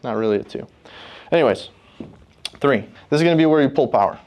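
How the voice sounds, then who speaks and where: Guy flight instructor teaching ground school, smooth clear voice, keeps asking make sense. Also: mid-range voice, lively intonation, brisk, a little mellow. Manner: explanatory, checks in with class often. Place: classroom.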